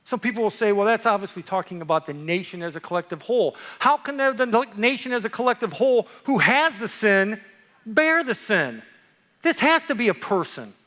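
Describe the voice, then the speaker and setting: A man preaches with a playful, animated delivery, jumping from loud excitement to hushed asides. His voice is bright and forceful, and it rings with the long reverb of a church hall. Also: high-pitched, fairly quick. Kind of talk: lively sermon.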